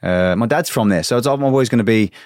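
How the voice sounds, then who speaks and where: A man's voice: mid-range voice, fast, a little mellow, no echo, clean studio sound. A man in his thirties, a former footballer, telling stories in a casual podcast chat and swearing freely. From Australia. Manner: swears freely, tells anecdotes with quoted voices.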